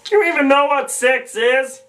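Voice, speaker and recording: A man's voice: extremely high pitch, moderate pace, a bit bright, voice pushed up. A man voicing a mild-mannered male frog puppet, hesitant and filled with ums. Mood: goofy. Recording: distant home mic.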